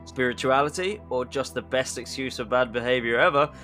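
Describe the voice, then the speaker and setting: A man telling history as a comedy podcast host. His voice sits at an ordinary middle pitch, and he chats along loosely, throwing in jokey asides and sudden emphatic bursts. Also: fairly quick, pushed and bright, soft background music.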